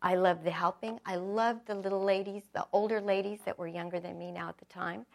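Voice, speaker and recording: A woman's voice: medium pitch, fairly even intonation, fairly quick, gravelly, darkish tone. A middle-aged woman giving an earnest, reflective personal testimony, telling her story with acted quotes.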